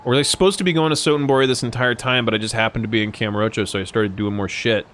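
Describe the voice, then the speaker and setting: A man's voice: mid-range voice, very fast, fairly bright tone, slight background noise. A young man streaming a game, rambling and joking with frequent swearing as he plays. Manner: rambling, jokey and profane. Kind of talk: casual gameplay commentary.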